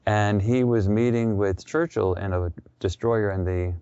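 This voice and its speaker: A man's voice: lowish voice, steady tone, unhurried, mellow, clear, resonant tone, dry recording, dull audio. A man talking as a radio interview guest, telling history in a loose, conversational storytelling way. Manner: conversational, storytelling with quoted voices.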